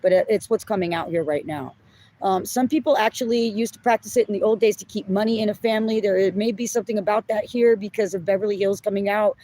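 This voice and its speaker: A woman's voice: mid-range voice, darkish tone, slight background noise. A woman giving a collective tarot reading in casual talk, blunt and often apologizing, swearing when she gets upset. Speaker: tarot reader.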